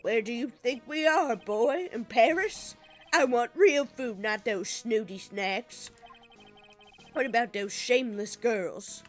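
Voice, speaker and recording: A woman playing a cantankerous old man from a video game who barks his complaints with swooping ups and downs. He is rude and gruff, scornful of everything around him, and his voice sits a little high for his age. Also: very animated, normal speed, faint music behind. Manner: gruff, barking insults.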